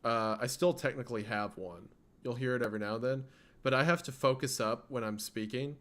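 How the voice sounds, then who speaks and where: A man's voice: mid-range voice, brisk, fairly bright tone. A man with a faint Southern US accent chatting casually on a livestream, rambling with small restarts. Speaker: streamer.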